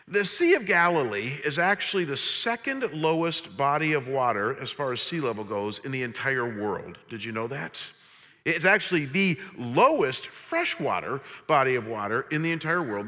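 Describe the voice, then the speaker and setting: A man preaching in an animated, playful way, his pitch swinging widely as he talks to the congregation. His voice is bright and sits a little high for a man. A long reverb trails behind him, as in a large hall. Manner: animated, humorous, addresses congregation directly. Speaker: pastor. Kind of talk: sermon.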